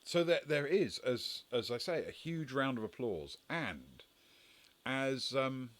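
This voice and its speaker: A man's voice: medium pitch, lively intonation, takes it slowly, a bit bright. A man narrating a tabletop game as game master, hesitant with many fillers.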